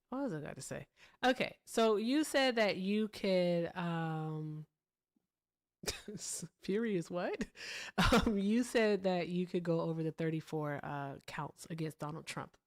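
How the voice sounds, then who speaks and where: A woman hosting a live call-in debate, speaking in a pointed, measured way as she challenges callers. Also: lowish voice. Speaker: host of a call-in debate show.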